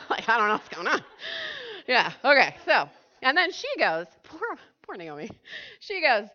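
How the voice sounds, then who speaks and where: A woman giving a casual, animated sermon to a church group, chatty and full of fillers, often asking her listeners questions. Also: mid-range voice, fairly quick. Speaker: church speaker. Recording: dull lo-fi recording.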